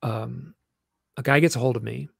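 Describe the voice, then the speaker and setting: A man, a guest author, telling stories in an animated, rambling way with many restarts. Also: medium pitch, normal speed, gravelly, slightly rough, dry recording, studio quality. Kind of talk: storytelling interview chat.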